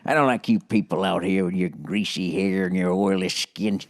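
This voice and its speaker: A man doing an impression of a cold, contemptuous mob boss from a film, in a low, slow voice. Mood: menacing.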